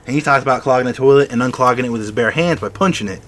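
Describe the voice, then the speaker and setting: A man guesting on a casual podcast chat, telling an animated story and laughing often. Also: mid-range voice, rapid-fire, background noise.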